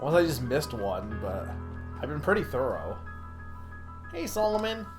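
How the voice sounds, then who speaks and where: Chatty streamer guy with lively pitch. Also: normal speed, music in the background. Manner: chatty, giggly, tries silly voices. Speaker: streamer playing a visual novel. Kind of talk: let's play commentary, reading character lines aloud.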